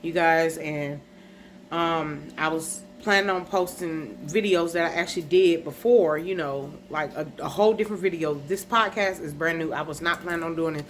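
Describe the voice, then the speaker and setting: A woman's voice: low voice, moderate pace, a little hiss or hum. A woman hosting her own podcast, telling a personal story in a casual, upset way and often speaking straight to her viewers. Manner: dialect grammar, casual slang. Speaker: podcast host.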